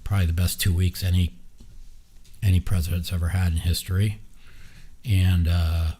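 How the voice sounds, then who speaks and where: A man's voice: sits low, flat delivery, normal speed, mellow, husky. A man hosting his own podcast, giving blunt, profane, rambling opinions in a casual chat. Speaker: podcast host. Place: streaming with a live chat.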